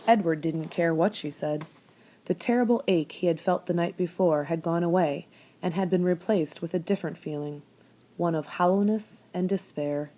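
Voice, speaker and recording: A woman reading a children's chapter book aloud in a calm, steady storytelling voice. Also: fairly low pitch, moderate pace. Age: adult. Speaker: reader.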